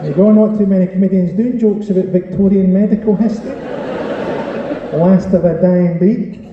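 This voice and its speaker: This male comic has a high-pitched voice and a moderate pace, captured in a very echoey, dull and distant live recording with noise. Performing stand-up on stage at a comedy venue, he does crowd work in a sardonic, sweary, caustic style, teasing people while the audience laughs and chatters.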